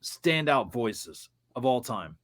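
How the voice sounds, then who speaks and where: A man's voice: medium pitch, big pitch swings, slow, a bit bright, no echo, studio quality. A man who works in voice-over, chatting as a podcast guest in an easygoing, joking way. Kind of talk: casual chat.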